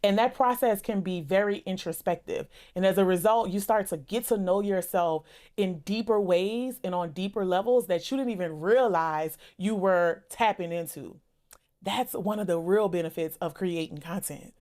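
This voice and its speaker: A woman's voice: medium pitch, moderate pace, a little mellow. A woman content creator hosting her own channel, giving an enthusiastic, emphatic motivational talk to camera in a casual, conversational way. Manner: enthusiastic, emphatic, repetitive lists.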